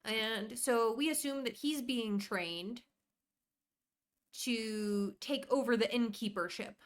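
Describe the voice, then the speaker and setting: A woman's voice: on the high side, takes it slowly. Chatty woman streaming a game. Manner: chatty, rambling, warmly greets viewers by name. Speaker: live streamer. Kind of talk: casual live-stream chat while playing.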